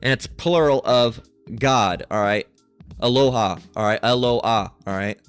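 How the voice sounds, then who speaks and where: A man teaching a Bible study lesson at a middle pitch, with faint music under his voice. He stresses his points and tags nearly every phrase with "all right?" or "okay?" to keep the listener with him. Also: measured pace, clear, resonant tone, no echo. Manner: emphatic, keeps checking in with "all right?" and "okay?".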